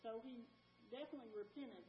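A woman's voice: a little high, fast, breathy edge. A woman in a Bible study class chiming in with short questions and comments. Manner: brief, questioning interjections. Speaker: class participant. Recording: faint, distant lo-fi recording.

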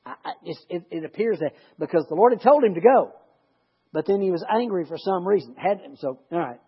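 Guy teaching bible study, chatty and rambly, husky high voice, lo-fi. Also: animated, brisk. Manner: chatty, rambling, self-interrupting. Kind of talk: reading scripture with joking asides. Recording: lo-fi recording.

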